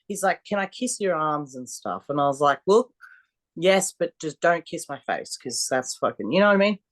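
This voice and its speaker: Aussie strongwoman on a podcast, blunt, swears a lot, animated storyteller. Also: deep voice, moderate pace. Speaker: podcast guest, strongwoman athlete. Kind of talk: casual storytelling interview.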